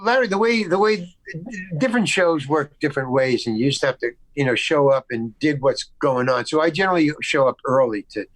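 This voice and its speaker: Guest actor, male, from the States, video call, higher voice, dry sound, stammering storyteller. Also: expressive, a little fast, dry recording, poor audio. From United States. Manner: rambling, with frequent restarts and stammers; acts out quoted dialogue in the story. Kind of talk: casual anecdote storytelling.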